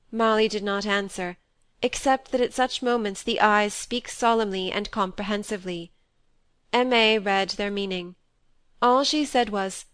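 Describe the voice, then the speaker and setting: A woman's voice: mid-range voice, a little slow, fairly bright tone, clean tone, no echo. Woman reading a novel aloud, dry. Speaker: audiobook narrator. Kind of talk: scripted narration.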